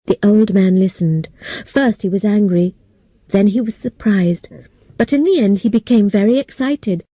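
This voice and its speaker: Dark-voiced woman reading an audiobook. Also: medium pitch, moderate pace, no echo. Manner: clear and steady, for language learners. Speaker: audiobook narrator. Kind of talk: scripted narration.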